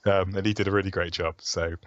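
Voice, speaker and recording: Man, sore throat, low voice, hesitant and self-deprecating, dry muffled lo-fi recording. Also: level tone, quick pace, fairly bright tone, no echo. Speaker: game developer guest. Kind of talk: casual interview chat.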